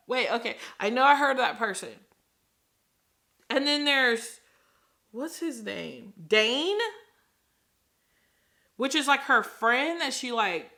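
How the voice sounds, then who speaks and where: A young woman chatting casually in a reading vlog, animated and laughing as she acts out her reactions. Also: sits high. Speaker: book vlogger.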